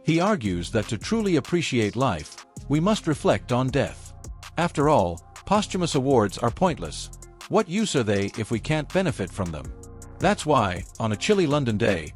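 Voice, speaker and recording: A man narrating a documentary script in a reflective, measured voice. His pitch moves expressively through each line, over faint music. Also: big pitch swings.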